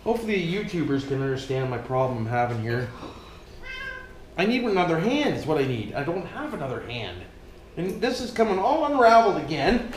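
A Canadian man with a fairly high, lively voice that swoops up and down as he jokes. He swears freely and chats to his viewers like old buddies while he works at a project. The sound is echoey, with a faint room noise behind him. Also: brisk. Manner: profane, joking, addresses viewers as "boys". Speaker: vlogger. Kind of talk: casual vlog while working.

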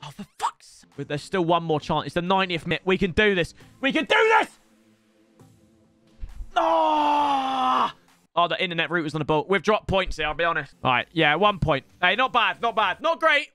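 Excitable young man gaming. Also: sits high, quick pace, smooth, dry recording. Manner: excitable, swearing, bursts into shouts. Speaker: gaming YouTuber. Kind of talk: casual gameplay commentary. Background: faint game music.

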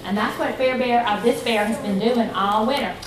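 A woman reading a picture book to children at a library, lively and coaxing as she leads chants. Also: on the high side, normal speed, a little hiss or hum. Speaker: children's storytime reader. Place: library room. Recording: echoey library room, mic far off, children around.

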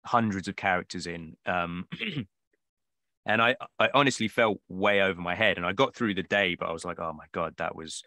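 Hesitant man asking a coach a question, low voice with a bright, forceful edge, dry close sound. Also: normal speed, dry recording. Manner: hesitant, many fillers. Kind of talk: casual chat.

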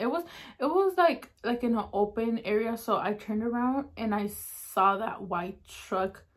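A woman hosting an eating show, telling a spooky story in a casual, chatty way, using "like" constantly and dropping to a hush at the eerie parts. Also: on the high side. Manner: chatty, heavy use of "like" fillers; drops to a hushed tone at eerie moments. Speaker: mukbang host.

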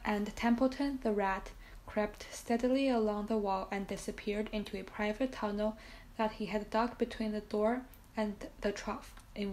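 A woman reading a children's book aloud in a gentle, steady storytelling manner with the odd small slip. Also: on the high side, low-quality recording.

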